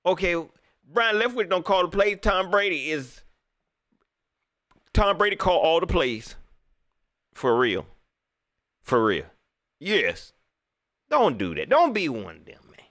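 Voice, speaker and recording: Bright, lively male host, emphatic casual live-stream rant, dry close sound. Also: high-pitched, slow pace, pauses often, no echo. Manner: animated, emphatic, repeats phrases.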